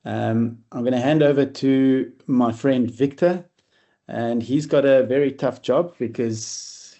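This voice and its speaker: A man giving an online safety presentation on a video call, relaxed, with frequent fillers and restarts. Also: medium pitch. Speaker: webinar presenter on work-at-height safety.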